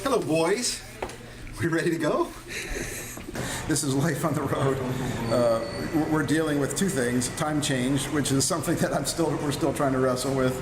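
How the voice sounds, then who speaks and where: A man who reports sports for local TV talks loosely and with restarts, his voice a touch high. He sits back from the mic in a moving car. Loud road noise rumbles under everything. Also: moderate pace, far from the mic. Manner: relaxed, rambling, many restarts. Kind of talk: casual chat on a road trip.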